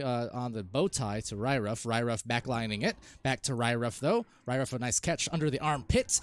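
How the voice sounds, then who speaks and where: A man casting a live esports match, calling plays quickly and rising to shouts when goals are scored. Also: mid-range voice, faint music behind. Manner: excitable, rises to shouts on goals. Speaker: esports caster. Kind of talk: live play-by-play commentary.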